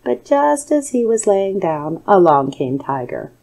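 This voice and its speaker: A woman narrating a calm bedtime story in a soothing, measured way, recorded as a studio voice-over. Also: medium pitch, vocal fry, low-quality recording.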